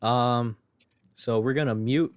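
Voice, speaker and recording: A man's voice: medium pitch, slow, clean tone, dry recording. A man co-hosting a podcast in casual chat, laughing often and talking with lots of fillers. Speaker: podcast co-host.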